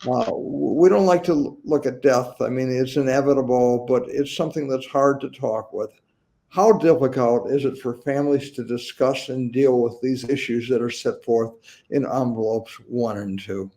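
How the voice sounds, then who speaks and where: An older man hosting a talk-show interview, asking questions in a measured, thoughtful way with a few stumbles. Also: mid-range voice, warm tone. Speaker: host, attorney.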